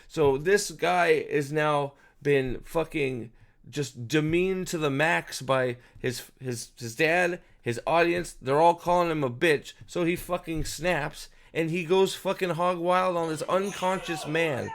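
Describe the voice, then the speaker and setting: A man's voice: fairly high pitch, measured pace. A man giving casual, profane video commentary as host, ranting in an exasperated way with frequent restarts.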